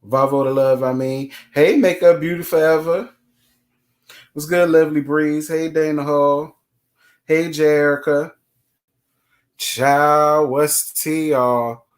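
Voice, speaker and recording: A man's voice: on the high side, fairly even intonation, slow, pauses often. Sassy, foul-mouthed man hosting a live stream. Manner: sassy, blunt, swears freely; greets chat viewers by name. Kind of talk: casual live-stream commentary.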